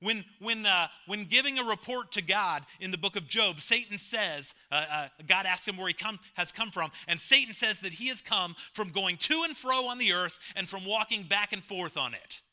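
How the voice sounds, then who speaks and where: A high, expressive male voice carries this sermon at normal speed with few pauses. The pastor emphasizes key phrases by repeating them, veers between loud and soft, and trades jokes and questions with the congregation.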